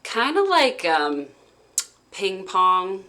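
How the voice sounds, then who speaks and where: A woman vlogger recounting a personal experience in casual, halting speech full of "like" fillers. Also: mid-range voice, very animated, pushed and bright.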